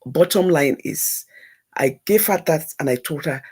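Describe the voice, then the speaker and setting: This woman's husky voice sits low, and she talks a little slowly. Guesting on a talk show, she animatedly tells an emotional story about herself, repeating phrases to stress them.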